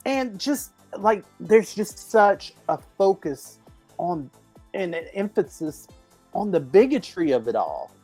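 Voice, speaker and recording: A woman's voice: lowish voice, big pitch swings, slow pace, warm tone, husky, no echo, faint music behind. A woman co-hosting a casual talk show, ranting bluntly and with profanity about the news. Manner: ranty, blunt and profane, laughs easily. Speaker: podcast co-host. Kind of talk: casual opinionated chat.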